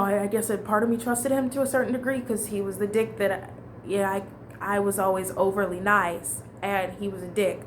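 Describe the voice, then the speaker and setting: A woman's voice: medium pitch, background noise. Candid young woman rambling through a story. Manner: candid, rambling, frequent restarts and swearing. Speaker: vlogger. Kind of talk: casual storytime monologue.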